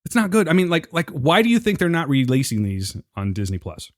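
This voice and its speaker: A man co-hosting a podcast in casual, joking chat with quick asides. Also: on the high side, very animated, no room sound, studio quality. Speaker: podcast co-host.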